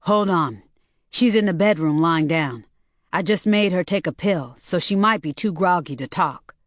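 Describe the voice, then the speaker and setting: A woman's voice: fairly low pitch, lively intonation, normal speed, dry recording, clean studio sound, lightly acted. A woman narrator voicing a self-centered, controlling husband who complains dismissively.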